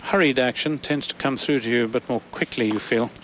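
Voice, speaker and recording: A man's voice: mid-range voice, fairly bright tone, slight background noise, poor audio. A man giving thoughtful color commentary on a tennis match, reading the players' movement. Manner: unhurried, thoughtful, analytical. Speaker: tennis analyst. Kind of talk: sports commentary.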